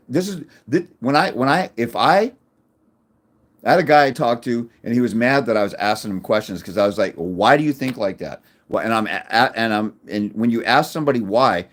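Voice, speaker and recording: A middle-aged fathers' rights advocate with a mid-range voice rants bluntly and crudely to camera. He's combative, restarts often, and gets loud in sudden jumps whenever he makes a point.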